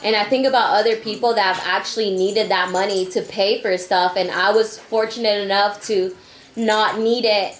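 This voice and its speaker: A woman in a casual podcast chat, reflecting thoughtfully on her own situation. Her voice is mid-pitched and sounds echoey in the room. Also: steady tone, moderate pace, a little hiss or hum.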